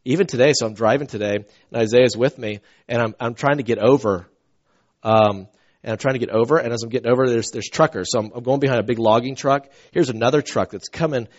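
A man preaching a conversational sermon, telling stories with swings from soft asides to loud outbursts. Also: mid-range voice, fast. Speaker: pastor. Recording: dull lo-fi recording.

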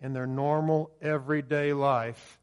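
An older man with an Ohio River valley accent, giving a Sunday sermon. His pitch sits in the middle for a man. He talks in a folksy, storytelling way and pauses often on fillers. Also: little pitch movement, smooth. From southern Ohio, USA. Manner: folksy storytelling with frequent hesitations. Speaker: preacher.

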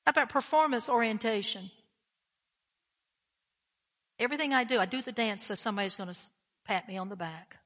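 A woman's voice: a little high, fast talker, a bit bright, in a large hall. A woman pastor preaching a blunt, emphatic sermon, often repeating her key phrases.

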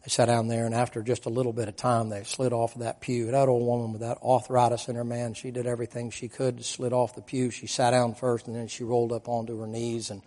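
A man's voice: medium pitch, little pitch movement, quick pace, hardly any pauses, darkish tone. A man preaching a sermon as a vivid, folksy story, dropping "man" and "boy" into his sentences.

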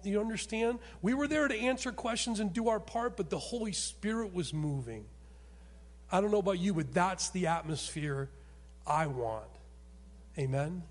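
A man preaching a sermon as pastor, telling a story with emphatic rises and sudden soft drops. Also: high-pitched. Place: church sanctuary. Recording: long hall reverb.

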